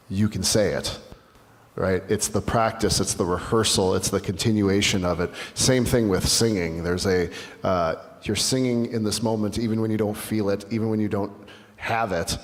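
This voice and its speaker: A male pastor speaking in a conversational dialogue sermon, reflective and earnest, often restarting his sentences. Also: fairly low pitch. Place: church sanctuary. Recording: long church reverb.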